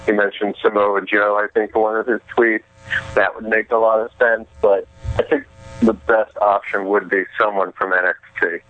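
A man calling in as a co-host of a wrestling talk show, giving measured, thoughtful picks. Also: lowish voice, little pitch movement. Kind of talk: casual wrestling radio chat. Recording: phone line.

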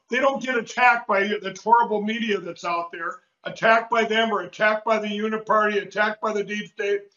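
A man's voice: sits high, bright, forceful tone. A man hosting a show, making urgent, repetitive appeals to act and to donate. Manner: rapid, repetitive, fired-up appeals. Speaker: show host. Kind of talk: urgent call to action. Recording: echoey, dull lo-fi sound.

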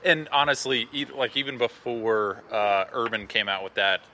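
A man's voice: mid-range voice, fairly even intonation, normal speed, bright, forceful tone, a little hiss or hum. A man chatting as a guest in an easygoing way. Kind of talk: casual chat.

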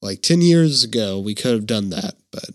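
A man co-hosting a podcast in casual chat, relaxed and explaining background about an old film. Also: lowish voice, normal speed, no echo, clean studio sound. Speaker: podcast co-host.

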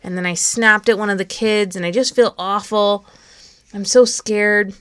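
A woman's voice: medium pitch, steady tone, normal speed, fairly bright tone, clean tone, no room sound, lightly acted. A woman voicing her anxious inner child, a frazzled young girl who talks in a flustered, fretful way.

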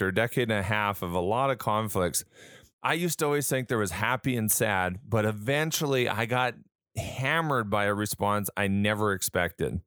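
A man's voice: on the low side, a bit bright, dry recording, clean studio sound. An adult man in a casual talk, telling stories with reported dialogue and asking the listener earnest rhetorical questions. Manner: conversational storytelling with reported dialogue. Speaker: speaker on handling conflict.

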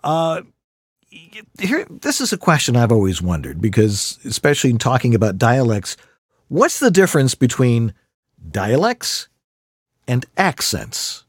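A man's voice: medium pitch, unhurried, husky, no echo, studio quality. A man hosting a casual interview, rambling and playful as he asks questions. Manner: rambling, animated, playful asides. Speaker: podcast host.

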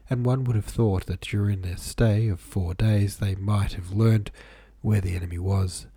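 A man hosting a podcast, reading a novel aloud in a calm, measured way, nasal and stuffy from a head cold. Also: on the low side, husky, dry recording. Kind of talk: audiobook-style reading.

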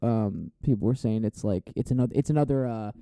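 A man's voice: on the low side, a little fast, warm tone, clean tone, dry recording. A man co-hosting a casual podcast chat, talking loosely and profanely, often trailing off mid-thought. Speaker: podcast co-host.

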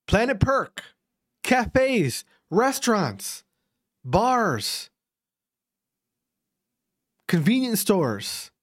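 A man's voice: high voice, very animated, drawn-out words, long pauses. A man ranting casually to his audience, profane and repetitive, often restarting and repeating his phrases, from Wisconsin. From Wisconsin, USA. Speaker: vlogger. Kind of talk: casual rant to camera.

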